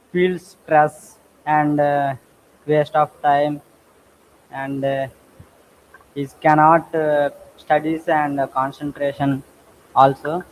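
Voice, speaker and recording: A man's voice: on the high side, a little mellow, a little hiss or hum, rough recording. A young man student with an Indian English accent, speaking hesitantly with many fillers in a group discussion. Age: young adult.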